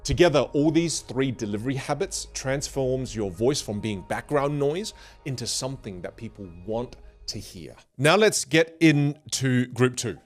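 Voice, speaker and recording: Man, speaking coach, lively varied pitch, deliberate pauses, faint music underneath. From grew up in a Vietnamese and Chinese culture. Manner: animated, demonstrates rambling and fast talk on purpose. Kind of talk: motivational speaking lesson.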